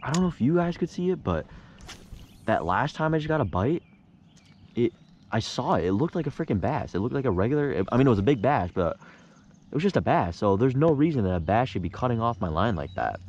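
A young man vlogging from a kayak on a lake, talking casually and getting frustrated or excited over his catches. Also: medium pitch, fairly quick, muffled recording, slight background noise. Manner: frustrated, excitable, swears mildly, says "bro". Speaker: fishing vlogger. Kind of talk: casual on-the-water vlog.

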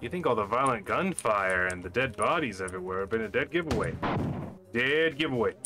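A man's voice: lowish voice, lively intonation, fast talker. Joking man narrating his gameplay. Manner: playful, jokey, talking to himself while playing. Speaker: gaming channel host. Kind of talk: let's play commentary. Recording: game music playing behind.

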